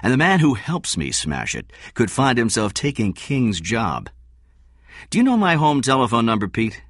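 A man voicing a scheming, insistent male company director who pushes hard and angers quickly, in a read story. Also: medium pitch, huge pitch swings, dry recording, clean studio sound, voice pushed up. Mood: wheedling.

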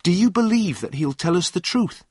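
A hot-headed young man shouts his indignation in a lively, swooping voice, as a male storyteller puts him on. Every outburst lands loud and sharp. The sound is dry and close, with no room around it. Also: high voice, brisk, husky, no echo, pitched above the performer's own voice. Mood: anxious.

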